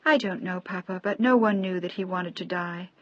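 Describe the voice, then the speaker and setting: A woman's voice: lowish voice, normal speed, no room sound, muffled recording, close to an everyday voice. A woman reading a tearful, guilt-ridden widow. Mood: tearful, faltering. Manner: faltering, tearful, barely audible.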